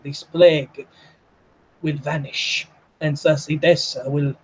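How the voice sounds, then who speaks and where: A pompous, courtly male vampire zealot, as a man puts him on for a tabletop game. He speaks slowly and grandly in a slightly high voice, with faint room noise behind. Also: close to an everyday voice, poor audio. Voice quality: pompous, formal, drawn-out.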